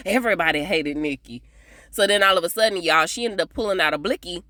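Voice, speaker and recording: A woman recapping a TV episode in a casual, chatty way, animated and often laughing as she talks to her viewers. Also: on the low side, normal speed, dry recording. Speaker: TV episode reviewer.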